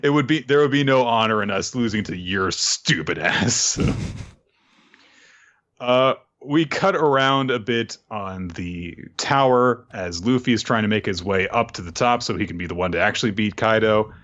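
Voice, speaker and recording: A man's voice: fairly low pitch, animated, normal speed, a bit bright, dull audio. A man co-hosting a casual chat recap, joking and laughing often as he acts out quotes. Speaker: podcast co-host.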